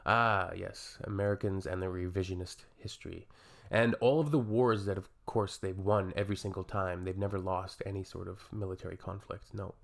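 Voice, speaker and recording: A man's voice: sits low, steady tone, normal speed, gravelly. A Canadian man hosting a reaction video, commenting in a sarcastic, wry way.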